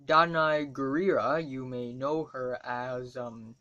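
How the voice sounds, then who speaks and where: A man's voice: mid-range voice, steady tone, slow pace, sharp tone, highs cut off, a little hiss or hum. A man reading his written movie review aloud in a casual, chatty way, with fillers and little asides to himself.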